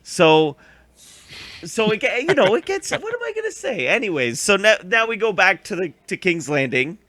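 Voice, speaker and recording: With a high-pitched, sing-song voice, this young man co-hosts a podcast recap, sounding bright and forceful at a moderate pace with no room sound. He rambles casually, leans heavily on fillers, and performs scenes in funny voices.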